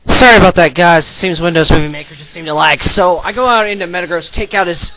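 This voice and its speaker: A young man narrating his online game battles as a channel host, energetic and breaking into loud excited shouts. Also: sits high, fast, rough recording. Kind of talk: excited battle commentary over gameplay video. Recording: voice-over with faint background music.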